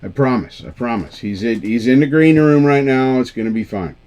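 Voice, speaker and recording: A man's voice: mid-range voice, fairly quick, darkish tone, lo-fi sound. Rambling self-deprecating male stream host. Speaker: livestream karaoke show host. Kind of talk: casual chat with viewers.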